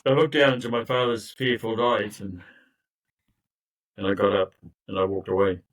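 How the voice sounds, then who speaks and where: Speaking at a moderate pace in a low-ish voice, an older man, a recovery coach, recounts his own experiences conversationally. He's emphatic and sincere, frequently restarting and going into asides, on a rough recording.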